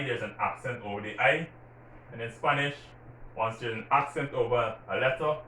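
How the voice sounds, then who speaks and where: A man explains grammar patiently, slowing down to repeat example words and lean on the stressed syllable. His voice sits at an ordinary mid pitch. It is picked up from some way off in an echoey room, with a faint hiss underneath. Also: fairly bright tone. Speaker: Spanish teacher. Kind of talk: explaining Spanish greetings and grammar. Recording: roomy echo from a distant mic, faint background hiss.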